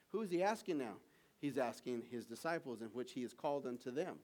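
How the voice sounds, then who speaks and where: A man preaching a sermon in a church, animated, asking the congregation for call and response. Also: medium pitch, fairly quick.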